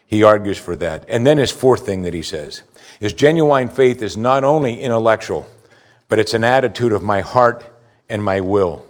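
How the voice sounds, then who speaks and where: A man preaching a sermon with emphatic delivery, swinging between loud stress and quiet asides. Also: lowish voice, lively intonation, normal speed. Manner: emphatic preaching, rising and falling in volume. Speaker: pastor.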